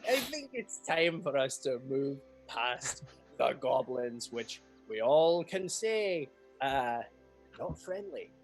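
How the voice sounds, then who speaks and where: A man's voice: medium pitch, sing-song, slow pace, soft background music. A man playing his character in a tabletop game, shifty and talking his way out of trouble. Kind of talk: in-character tabletop role-play.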